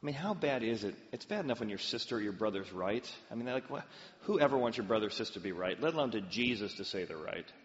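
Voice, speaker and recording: A man's voice: on the low side, quick pace, big-room sound, highs cut off. A man preaching a sermon, telling stories and sometimes acting out the voices of the people in them. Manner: storytelling with lively acted-out voices. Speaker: pastor.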